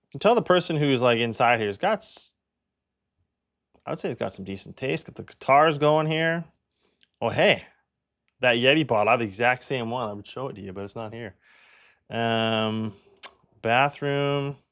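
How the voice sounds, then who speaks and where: A man's voice: mid-range voice, expressive, moderate pace, long pauses, fairly bright tone. A young man from Canada, a real estate agent, chatting casually as he walks through home listings and thinks aloud with plenty of fillers.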